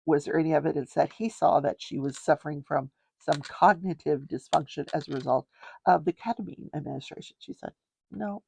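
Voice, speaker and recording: A woman's voice: low-pitched, a little fast, gravelly, a little mellow, slight background noise. An older woman hosting a casual show, chatting her way through a trial recap and wandering off to talk about her crafts. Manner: chatty, digressive, explains legal terms plainly. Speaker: host.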